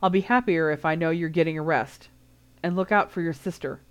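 Woman reader doing a tired dad, even and firm, lowish voice, storybook read. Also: a little fast, clean tone, highs cut off, lightly acted. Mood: weary. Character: weary, steady middle-aged father.

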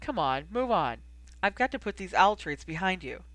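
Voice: medium pitch, sing-song, moderate pace, fairly bright tone, no room sound. A reader voicing a blunt, protective young man. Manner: grumbling, short-tempered. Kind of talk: audiobook character reading.

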